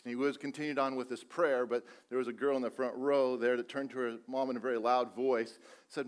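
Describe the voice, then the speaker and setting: A man's voice: mid-range voice, fairly even intonation, fairly quick, hardly any pauses. A man preaching a sermon to a church congregation, earnest and repetitive, asking rhetorical questions and telling light jokes. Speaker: pastor. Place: church service.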